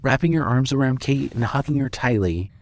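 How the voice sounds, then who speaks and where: A man narrating a fan audio drama with steady storytelling. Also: mid-range voice, fairly quick.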